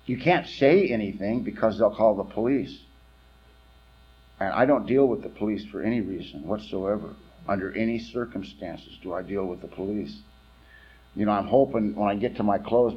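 A man's voice: lowish voice, breathy edge. Man from California, meeting speaker, rambling candid testimony, wry humor, muffled lo-fi sound.

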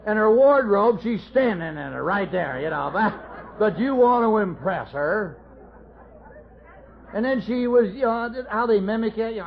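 A man's voice: high voice, animated, normal speed, vocal fry. Wry folksy man on lo-fi tape. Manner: folksy, wry, self-mocking humor. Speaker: recovering alcoholic telling his story. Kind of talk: AA speaker talk, storytelling. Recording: dull lo-fi tape recording.

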